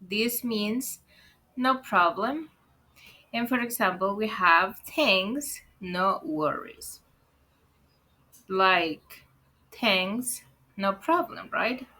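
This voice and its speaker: Bright, unhurried woman, teaching an online English lesson and checking in with her viewers. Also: medium pitch. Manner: explains patiently, asks "right?" often, calls viewers "guys".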